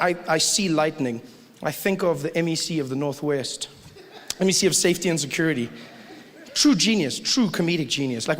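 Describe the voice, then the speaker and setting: A man doing stand-up comedy in a conversational, animated way. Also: on the high side. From South Africa. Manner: conversational, animated, acts out voices. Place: large live venue with audience. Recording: live hall with crowd noise.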